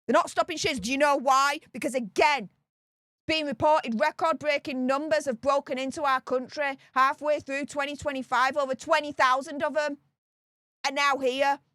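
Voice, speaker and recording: A woman with a Northern English accent delivers heated political commentary in a high voice. She rants with indignation and hammers home each point by repeating it. Her voice sounds close and dry, with no room echo. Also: steady tone, normal speed, fairly bright tone. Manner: indignant, ranting, repeats herself for emphasis.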